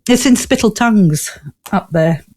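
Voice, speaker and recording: A woman's voice: medium pitch, expressive, moderate pace, darkish tone. Chatty woman guest with a northern English accent; laughs a lot and rambles through stories. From Newcastle, England. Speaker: guest, ghost tour owner. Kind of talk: casual interview chat.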